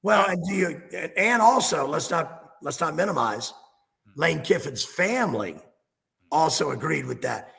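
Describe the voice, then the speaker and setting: Gravelly, animated man ranting about football. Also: a little high, a little slow, in a large hall. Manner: ranting, sarcastic. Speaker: sports talk co-host. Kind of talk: casual sports talk.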